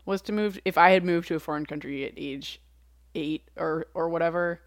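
A woman's voice: sits low, brisk, no room sound, studio quality. A woman co-hosting a podcast in casual chat, thinking aloud and hedging with lots of "like"s. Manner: hesitant, thinks aloud with many "like"s. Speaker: podcast co-host.

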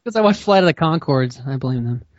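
A man's voice: a little high, lively intonation, a little fast, dry recording. Man, goofy podcast panelist, dull lo-fi sound, dry. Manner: giggly, goofy. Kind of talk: casual podcast banter.

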